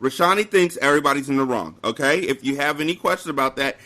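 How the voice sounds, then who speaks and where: A young man co-hosting a podcast, telling a work story in casual chat with animated delivery and mock-formal phrasing. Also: a little high, fast talker. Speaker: podcast co-host.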